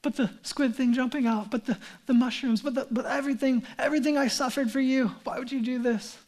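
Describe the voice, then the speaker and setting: A man voicing an exasperated video-game plumber hero who pleads in a hushed, halting way. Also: very high voice, steady tone. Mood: pleading.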